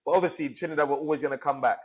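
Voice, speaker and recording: A man's voice: fairly high pitch, very fast, a little mellow, husky. A man, ranting and swearing as a podcast co-host in heated casual chat. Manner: angry, swearing, fired up.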